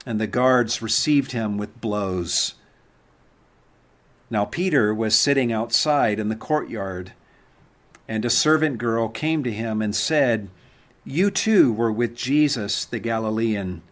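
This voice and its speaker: A man reading the Passion account aloud at a Good Friday service, in a measured, deliberate manner. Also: mid-range voice, fairly bright tone. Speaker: scripture reader.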